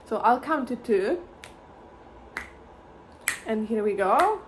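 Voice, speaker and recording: A woman gives a violin lesson in a slightly high voice, speaking slowly and patiently. She chants simple fruit words to count out the rhythms. Faint room noise sits behind her. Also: expressive. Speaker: violin teacher.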